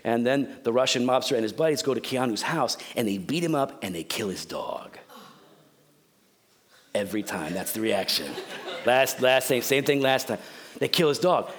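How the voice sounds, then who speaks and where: A pastor giving a sermon in a joking, conversational, storytelling manner. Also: male voice, medium pitch, a bit bright.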